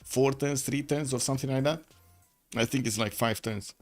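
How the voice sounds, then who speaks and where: A man's voice: mid-range voice, normal speed, faint music behind. A young man whose first language is Romanian, casting a strategy game on a live stream in a chatty, rambling way and answering chat as he goes. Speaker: esports caster.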